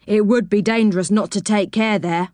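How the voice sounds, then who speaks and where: A woman's voice: medium pitch, steady tone, normal speed, a little mellow, no echo, clean studio sound, natural voice. A woman voicing a patient, kindly train driver explaining the controls in a storybook reading.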